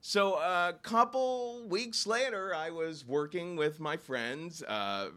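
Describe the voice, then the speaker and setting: A man from Ohio telling a story live in a small lounge, acting out the people he quotes with sudden jumps in pitch. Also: slow pace. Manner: animated, acts out quoted voices with sharp jumps in pitch.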